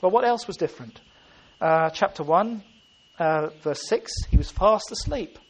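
A man's voice: high voice, animated, unhurried, husky. A man preaching a sermon, earnest and emphatic, often restarting his phrases.

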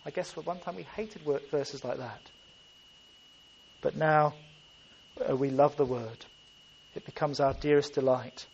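A man's voice: fairly high pitch, fairly even intonation, a little slow, creaky, pauses often, darkish tone, lo-fi sound, slight background noise. A man preaching a sermon, earnest and emphatic, often restarting his phrases.

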